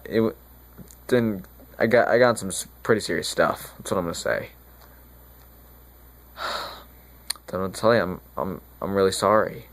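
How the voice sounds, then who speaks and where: A man playing a remorseful friar who retells a tragedy in casual modern slang, rambling and halting with restarts in a school monologue. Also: on the low side, close to an everyday voice. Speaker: student actor.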